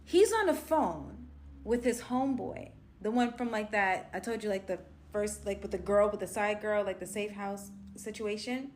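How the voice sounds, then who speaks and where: A young adult woman casually narrating a personal story to her viewers, animated and chatty, calling them "y'all" and leaning on "like". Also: medium pitch, normal speed, a little hiss or hum. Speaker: storytelling vlogger.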